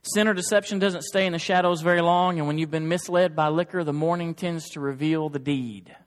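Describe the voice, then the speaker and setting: A man preaching a sermon to his church in an earnest, emphatic way that builds to forceful exhortation. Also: on the high side, steady tone, a little fast, big-room sound. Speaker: pastor. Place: church sanctuary.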